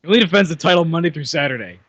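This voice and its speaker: A young man co-hosting a podcast, chiming in with jokes and quick questions. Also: fairly high pitch, lively intonation, fairly bright tone, no room sound. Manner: joking interjections. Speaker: podcast co-host. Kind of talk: casual chat. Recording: dull lo-fi, dry.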